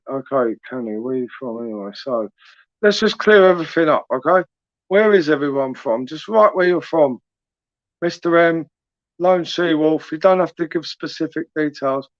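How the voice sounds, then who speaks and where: With a fairly high voice, a young southern English livestream host chats casually and teasingly late at night, reading out comments from viewers. There's no room sound; the audio is dry, dull, and lo-fi.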